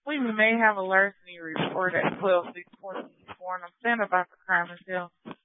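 High-voiced male dispatcher over tinny radio. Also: steady tone, fairly quick, noisy background. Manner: clipped, procedural radio talk. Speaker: police dispatcher. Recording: tinny police radio scanner audio.

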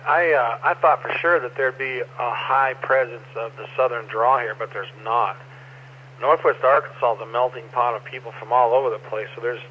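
A man chatting casually over the radio in an easygoing, matter-of-fact way. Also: medium pitch. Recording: muffled radio with faint noise.

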